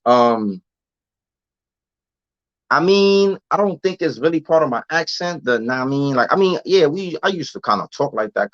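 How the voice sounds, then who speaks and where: A man talks in a casual livestream style, slangy and loose, often restarting and repeating words. His voice sits at a middle pitch. The sound is dry and slightly muffled. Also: a bit bright, dry recording. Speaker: vlogger answering live chat.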